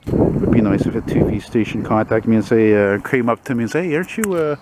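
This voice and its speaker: A man's voice: lowish voice, fairly even intonation, quick pace, heavy background noise. A man rambling and swearing as he films a walking vlog on a city street with a handheld camera. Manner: rambling, profane, wry asides. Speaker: vlogger.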